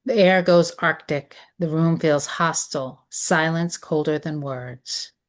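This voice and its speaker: A woman reading a screenplay's stage directions in a measured, descriptive way. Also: deep voice. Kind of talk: script read of stage directions.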